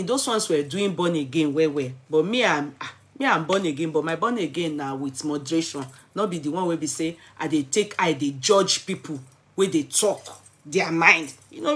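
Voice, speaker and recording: A middle-aged woman with a Nigerian accent telling a story in a vlog, mixing Pidgin with English and rising into dramatic, excited exclamations. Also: mid-range voice. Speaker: vlogger.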